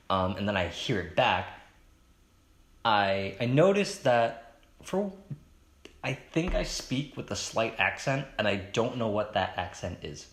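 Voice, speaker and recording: Rambling young man, echoey room. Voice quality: monotone baritone. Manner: rambling, hesitant, with fillers and restarts; self-conscious, chatty. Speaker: podcast host. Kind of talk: solo casual podcast monologue.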